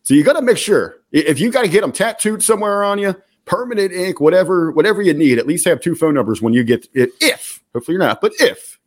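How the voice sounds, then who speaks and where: A man's voice: high voice, lively intonation, fast. A man co-hosting a talk show, chatting in a jokey, long-winded way. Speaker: podcast co-host. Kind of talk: casual chat.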